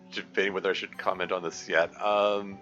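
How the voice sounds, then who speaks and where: A man's voice: low voice, level tone, measured pace, fairly bright tone, lo-fi sound, soft background music. A man giving casual, hesitant developer commentary over his own game. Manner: hesitant, many ums.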